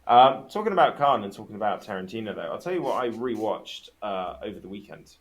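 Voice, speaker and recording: A man's voice: lowish voice, animated, fast talker. A man guest on a casual podcast chat, telling stories with enthusiasm and swearing freely.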